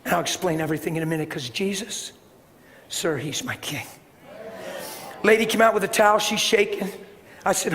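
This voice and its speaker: Animated high-voiced preacher. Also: male voice, moderate pace, pauses often. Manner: animated storytelling, swings from loud bursts to hushed tones. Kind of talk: sermon with personal story. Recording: reverberant hall with faint background hiss.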